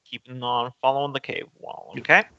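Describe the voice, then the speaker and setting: A man's voice: mid-range voice, fairly even intonation, brisk, bright, forceful tone, highs cut off, a little hiss or hum. A man acting as game master, calling for rolls and describing terrain plainly. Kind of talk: running a tabletop game over a call.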